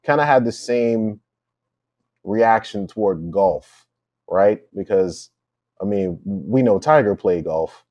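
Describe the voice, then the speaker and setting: A man co-hosting a podcast in casual talk. He thinks out loud in a reflective, rambling way. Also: fairly low pitch, lively intonation, takes it slowly, no room sound, dull audio. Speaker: podcast co-host.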